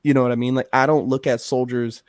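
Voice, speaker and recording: A man's voice: mid-range voice, flat delivery, fast, no echo. Guy cohosting a podcast, rambly and casual, swears a lot, dry mic. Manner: rambling, heavy filler, swears. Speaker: podcast co-host.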